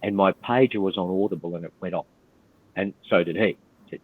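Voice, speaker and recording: A man's voice: low-pitched, quick pace, slightly rough. An older Australian man, a retired police officer, telling a war story as a podcast guest in a blunt, profane, laid-back way. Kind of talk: storytelling in casual interview. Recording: tinny phone-like line.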